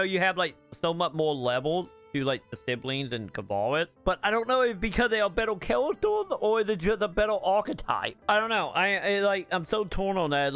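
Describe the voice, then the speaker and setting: A man's voice: on the high side, fairly bright tone. Male gaming vlogger, casual rambling rant, blunt, faint music underneath. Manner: rambling, full of filler words and restarts; blunt, swears when exasperated. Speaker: gaming channel host. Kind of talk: casual rant about a game's story.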